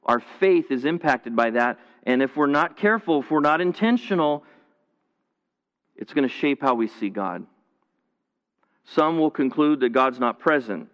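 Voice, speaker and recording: A man's voice: mid-range voice, animated, unhurried, pauses often, fairly bright tone, in a large hall, lo-fi sound. A man delivering a sermon to viewers at home, conversational and earnest, often restarting and repeating phrases. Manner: conversational preaching with frequent restarts and repetition. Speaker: pastor. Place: church, streamed to viewers at home.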